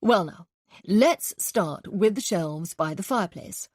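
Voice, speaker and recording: A woman reading an audiobook, voicing a chatty upper-class gentleman detective with playful drawling asides. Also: lowish voice, lively intonation, slow pace, no room sound, studio quality. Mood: musing.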